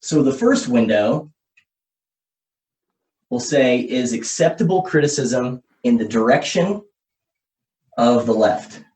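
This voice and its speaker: A man hosting a podcast, thinking out loud as he explains ideas at a whiteboard and often checks in with "okay?" and "right?". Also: medium pitch, lively intonation, slow pace, long pauses. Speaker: podcast host. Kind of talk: casual explanatory podcast talk. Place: room with a whiteboard.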